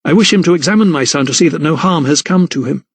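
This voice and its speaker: A man's voice: on the high side, fast talker, slightly rough, no echo, pitched above the performer's own voice. A man voicing Lydia, a desperate noblewoman. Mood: forceful. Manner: pleading then forceful, quivering. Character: anguished young noblewoman, desperate mother. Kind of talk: audiobook character voice.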